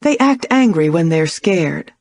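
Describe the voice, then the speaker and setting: A woman voicing a gentle, warm-hearted mother speaking softly and kindly. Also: fairly low pitch, animated, unhurried, dry recording.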